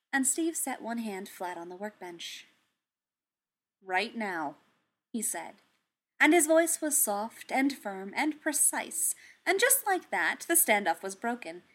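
A woman narrating a piece of fan fiction aloud, with expressive storytelling. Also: on the high side.

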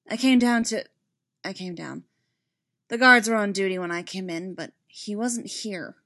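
A woman's voice: medium pitch, unhurried, a bit bright. A woman reading as a stern Jedi master. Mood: troubled.

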